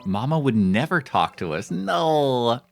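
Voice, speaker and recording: A man's voice: lowish voice, very animated, normal speed, faint music behind. A man streaming a cooking game, chatting casually and making crude, rambling jokes with lots of fillers. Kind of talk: casual gameplay commentary.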